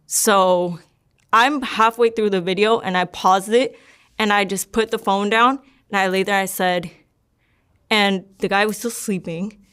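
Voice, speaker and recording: A young woman recounting her own story in loose, everyday talk, circling back and repeating herself as she goes. Her voice is smooth and clear, at an ordinary middle pitch. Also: fairly even intonation, unhurried, a bit bright. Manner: rambling, many likes and repeats. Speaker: guest sharing her testimony. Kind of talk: casual personal storytelling.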